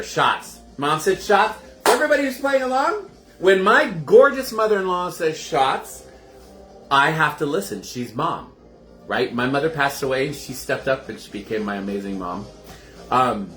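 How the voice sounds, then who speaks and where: Indoors at home, a man hosts a casual live cocktail demo, chatting straight to his viewers. His mid-range voice is pushed and bright, and the room is roomy and echoey.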